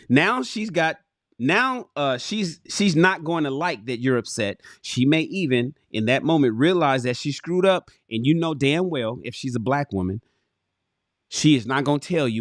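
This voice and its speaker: A man's voice: a little high, moderate pace, no room sound, studio quality. A man hosting a livestream, reading a book aloud and breaking off to curse and talk straight to his chat. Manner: profane, animated, talks straight to viewers and chat. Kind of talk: casual livestream reading with commentary.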